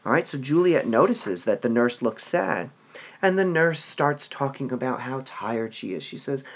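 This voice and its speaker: A man giving a literature lesson, his husky voice rising and falling with animated energy. He reads passages aloud and breaks them down, dropping in "all right" again and again as he goes. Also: mid-range voice, normal speed. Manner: lively, animated reading with frequent "all right". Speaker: teacher.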